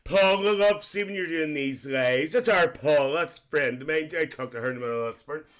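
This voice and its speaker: On a comedy live stream, a man plays a bawdy, cheeky auntie who gossips and giggles while reading comments, cracking risqué jokes and squealing "lovely." His voice is a little high, a little fast, and a bit bright, staying close to his everyday voice.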